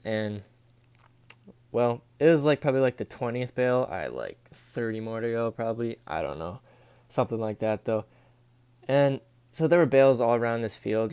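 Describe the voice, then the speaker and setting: Smooth-voiced young man telling a story. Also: mid-range voice, no echo. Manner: slangy and profane, says dude and bro a lot. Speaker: storytelling vlogger. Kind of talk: casual life-story vlog.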